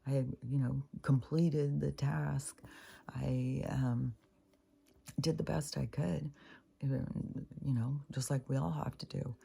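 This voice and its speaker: A middle-aged woman speaks in a rambling, exasperated monologue, swearing freely as she goes. Her voice sits very low, with a gravelly fry, a dark tone and a husky edge. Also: fairly even intonation, takes it slowly. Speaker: spiritual vlogger. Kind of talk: casual monologue.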